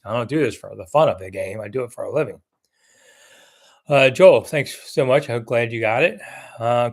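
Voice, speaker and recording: A man's voice: mid-range voice, normal speed, pauses often. An older man hosting a casual live sports chat, blunt and chatty as he reads viewer comments and answers them.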